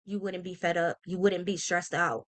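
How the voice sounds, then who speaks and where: Her voice sits on the low side, steady in tone and moderate in pace, as this woman in her thirties gives an earnest, heartfelt motivational talk to the camera. A vlogger by trade, she's emphatic and casual, dropping slang and fillers and checking in with listeners through "y'all" and "okay?"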